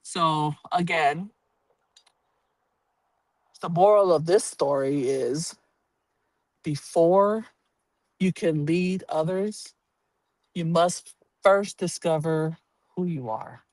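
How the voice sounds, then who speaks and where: A man telling a personal story to a live audience, animated and blunt, swearing casually and acting out the voices of the people in it. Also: on the high side, extremely slow, long pauses, no echo. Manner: animated, acts out quoted voices, laughs while telling.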